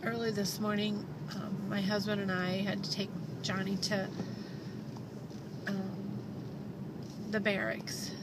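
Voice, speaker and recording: A middle-aged woman talks to her camera from the driver's seat, halting and restarting as her voice wavers near tears. Loud car and road noise sits under her voice throughout. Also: mid-range voice, level tone. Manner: tearful, halting, many restarts. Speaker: vlogger. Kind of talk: emotional car vlog. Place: in a car, driving home.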